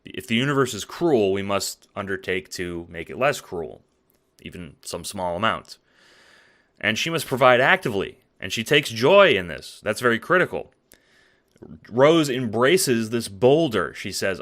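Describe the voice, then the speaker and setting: With a deep, expressive voice of fairly bright tone, a video essayist speaks at a moderate pace through an essay late at night. He's tired and yawns, keeping things conversational and profane, full of fillers and "right?".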